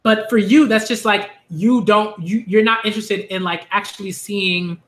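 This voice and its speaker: A man giving a ranting commentary vlog on manga, animated and exasperated, repeating phrases for emphasis. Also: sits high, normal speed.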